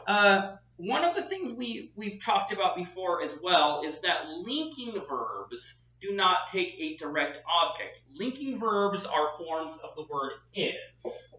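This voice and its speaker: A man's voice: high voice, big pitch swings, slow pace, hardly any pauses, bright, forceful tone. Man lecturing in an echoey classroom. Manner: chatty, self-deprecating teaching. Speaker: professor. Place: classroom with whiteboard. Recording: echoey, distant, dull room sound.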